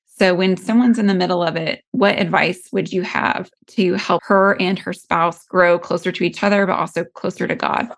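A woman hosting a faith-based interview, speaking in a gentle, earnest, prayerful way. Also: on the low side, steady tone, moderate pace, gravelly, few pauses. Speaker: podcast host.

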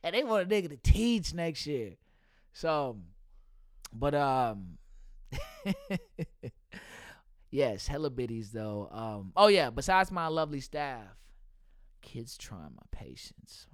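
A man's voice: mid-range voice, very animated, slow pace, long pauses, no echo, clean studio sound. A young man hosting a casual podcast, talking loosely and profanely about his work as a substitute teacher and laughing often.

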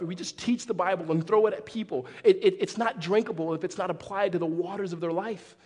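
A man preaching a sermon as pastor, animated, with frequent restarts. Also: sits high. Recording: long hall reverb.

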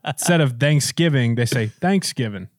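A man riffing through casual podcast banter, his pitch bouncing all over as he laughs and swears. The sound is dry and close, with no room around it. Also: expressive, moderate pace, no room sound. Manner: loose, laughing, profane banter. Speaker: podcast co-host. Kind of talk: casual chat.

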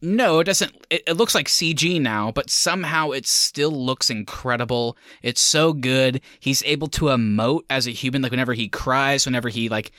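A man's voice: mid-range voice, normal speed, few pauses, bright, forceful tone, dry recording, clean studio sound. A man co-hosting a casual film podcast, talking with enthusiasm and laughing often. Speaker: podcast co-host.

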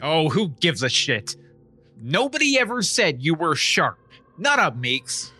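A man as a cocky, foul-mouthed TV newsman in a comedy audio play, all bluster. His voice is high and very bright, leaping up and down with every jab. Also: big pitch swings, measured pace, breathy edge, full character voice. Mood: brash. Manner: crude, blustering. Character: brash profane male TV newsman.

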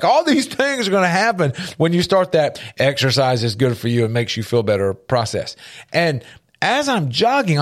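Earnest male radio host giving a pep talk. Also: mid-range voice. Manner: earnest, emphatic, repeats key phrases for effect. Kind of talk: motivational faith-based radio talk. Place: radio studio with a large window.

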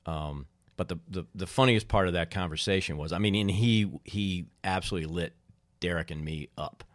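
Middle-aged man as podcast guest, a lively raconteur with a lowish voice recorded close and dry. He slips into the voices of the people in his stories and laughs easily. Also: a little fast, no room sound. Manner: animated storyteller, acts out quoted people, laughs often. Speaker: podcast guest, former baseball team co-owner. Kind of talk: casual storytelling chat.

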